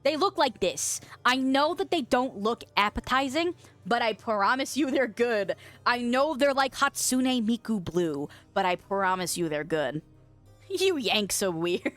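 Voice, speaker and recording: A young woman from the western US chats loosely on a stream, reading out comments and cursing freely. Her voice sits a little high and swoops around with animated pitch. Soft music plays faintly underneath. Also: unhurried. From western United States. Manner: chatty, swears freely, laughs often. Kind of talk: casual chat reading viewer comments.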